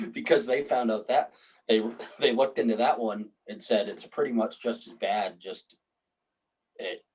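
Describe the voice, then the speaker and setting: A man's voice: lowish voice, steady tone, unhurried, a little mellow, slightly rough, low-quality recording. A man, chatting casually on a podcast, laid-back and swearing, with frequent laughs. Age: 30s. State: recovering from hip surgery. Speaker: podcast co-host. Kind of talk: casual chat.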